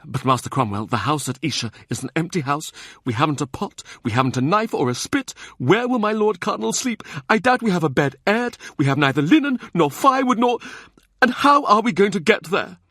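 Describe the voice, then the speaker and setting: A man voicing an anxious, fussy male steward in an audiobook, flustered and high-strung. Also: animated, slow pace, a bit bright, husky, no room sound, clean studio sound, exaggerated voice.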